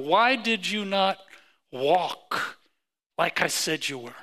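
Male pastor, middle-aged, high, bright voice, slow deliberate delivery, emphatic sermon style. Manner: emphatic preaching with rising pitch and repeated phrases.

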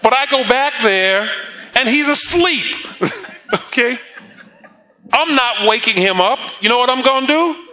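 A man's voice: extremely high pitch, expressive, a little slow, pauses often, sharp tone, slight background noise. A man preaching a sermon, telling the story with frequent laughs and acted-out quotes. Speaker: pastor.

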